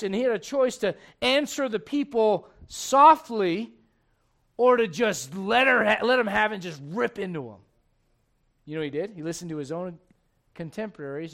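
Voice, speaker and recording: Guy preaching, chatty and animated, asks the crowd lots of questions, kinda high voice. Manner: conversational, animated storytelling with rhetorical questions. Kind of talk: sermon.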